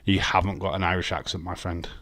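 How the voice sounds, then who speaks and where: Talking fast in a low, level voice with a fairly bright tone, a livestream host runs a watch-along with no echo. He jokes around casually, laughs a lot, and speaks to viewers and chat by name.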